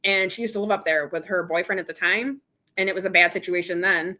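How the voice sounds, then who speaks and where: The channel host, a middle-aged woman, candidly narrates an argument in a casual live chat, quoting both parties. Her voice is on the low side yet bright and forceful, delivered a little fast with fairly even intonation.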